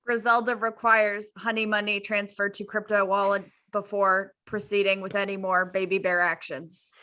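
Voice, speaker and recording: A woman's voice: mid-range voice, little pitch movement, moderate pace, sharp tone, dry recording, natural voice. A woman voicing a stiff, clipped bear character who demands payment in a tabletop game. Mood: deadpan. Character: flat-voiced bear demanding crypto payment.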